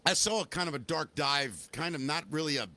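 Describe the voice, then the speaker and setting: A man hosting a podcast in casual chat, an animated, joking storyteller. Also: fairly high pitch, brisk. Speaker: podcast host.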